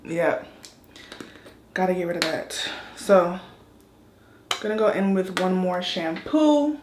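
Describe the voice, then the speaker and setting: A woman chatting casually through her hair-washing routine as a vlogger, candid and relaxed. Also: fairly low pitch, slow pace, reverberant, noisy background. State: out of breath. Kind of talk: casual vlog talk. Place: bathroom shower.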